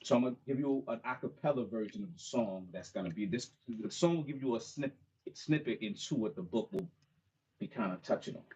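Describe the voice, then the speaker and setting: A middle-aged man with a husky, slightly rough voice speaks casually to a small gathered crowd as an author and mentor. His talk is loose and conversational, dotted with "you know what I mean." The recording is dull and lo-fi. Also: medium pitch, a little fast, darkish tone. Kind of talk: casual talk and a cappella spoken-word song. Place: bookstore event with a small live audience.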